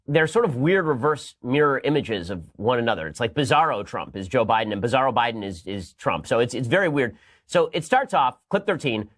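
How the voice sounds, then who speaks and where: A male host giving sarcastic news commentary, fast and mocking, breaking into bursts of laughter. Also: medium pitch, fairly bright tone.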